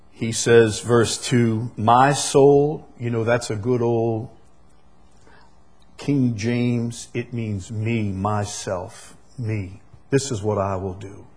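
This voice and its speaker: A man preaching a sermon as pastor, emphatic, repeating key phrases and swinging between loud declarations and soft asides. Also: lowish voice, husky.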